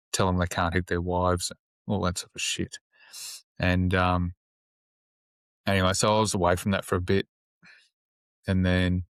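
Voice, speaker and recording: Deep, flat-voiced man telling a hard story. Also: no echo, studio quality. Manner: plain-spoken, sombre, swears freely. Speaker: police officer guest. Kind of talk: casual interview storytelling.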